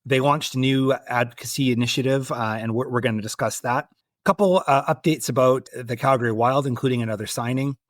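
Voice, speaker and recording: A man hosting a casual sports podcast, talking in a relaxed, hesitant way with fillers and restarts. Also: medium pitch, fairly quick, no room sound, studio quality. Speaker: podcast host.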